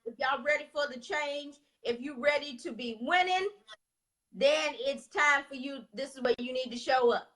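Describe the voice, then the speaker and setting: A woman pushes listeners to get tickets in an urgent promotional tone. Her voice is high and bright, with a forceful edge. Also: moderate pace. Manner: urgent, pushy event plug. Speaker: guest speaker. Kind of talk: promotional pitch.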